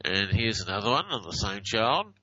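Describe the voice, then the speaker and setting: A man's voice: fairly low pitch, very animated, moderate pace, pushed and bright, dull audio. A man hosting a radio show, commenting wryly on audio clips and apologizing to listeners for his hiccups. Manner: chatty and wry, reads out phone numbers, apologizes to listeners. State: has the hiccups.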